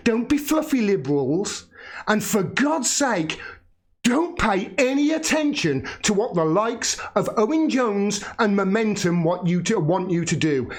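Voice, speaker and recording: A British man in his forties hosting a political livestream, ranting angrily with frequent swearing and bursts of laughter. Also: sits high. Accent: British English. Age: 40s. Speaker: political YouTube host.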